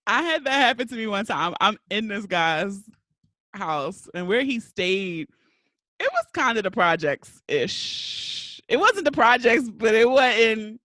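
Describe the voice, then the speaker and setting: A woman's voice: on the high side, very animated, slow, a bit bright, no echo, studio quality. A woman hosting a podcast, chatting candidly and frankly in casual conversation, laughing often. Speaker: podcast host. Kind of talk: casual chat.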